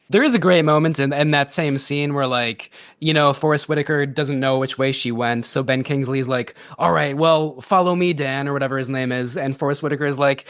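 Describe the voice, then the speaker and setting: A man's voice: mid-range voice, fairly even intonation, a little fast, a bit bright, smooth, no room sound, studio quality. A man co-hosting a podcast, chatting casually about a movie, laughing often and talking through lots of fillers and restarts. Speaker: podcast co-host. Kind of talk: casual movie review chat.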